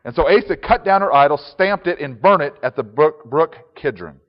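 A pastor preaching a conversational sermon with chuckling asides, reading and explaining scripture. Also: male voice, on the high side, lively intonation, brisk, long reverb tail, highs cut off.

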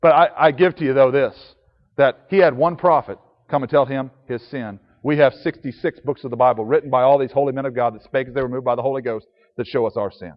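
A man's voice: mid-range voice, steady tone, fast. A man preaching a sermon earnestly, reading scripture aloud in old-fashioned biblical wording. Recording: dull sound with long reverb.

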